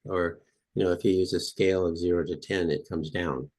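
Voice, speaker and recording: Man, very low pitch, podcast guest, explanatory, repetitive chanting. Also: fairly even intonation, fairly quick, darkish tone. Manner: repetitive, demonstrative, chanting phrases with rising intensity. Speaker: guest expert. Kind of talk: podcast interview, guided demonstration.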